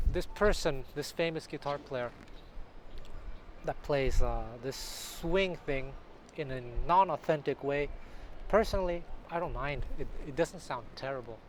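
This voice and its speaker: A man, a jazz guitar teacher, talking casually to camera in a vlog, chatty and self-correcting with animated asides, recorded outdoors on a city street. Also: medium pitch, a little hiss or hum.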